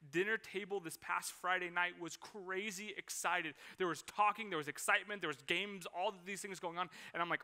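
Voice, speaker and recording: A man in his thirties preaching a sermon, telling a personal story and acting out its scenes. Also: high voice. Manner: animated storytelling, acts out scenes. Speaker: pastor.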